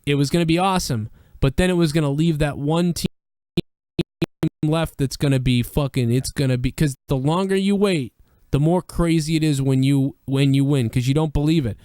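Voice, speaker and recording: Guy ranting about sports, smooth clear voice, dry sound, swears a lot. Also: on the high side, normal speed, dry recording. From Boston area. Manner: profane, excitable, rambling. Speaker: podcast co-host. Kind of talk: casual sports chat.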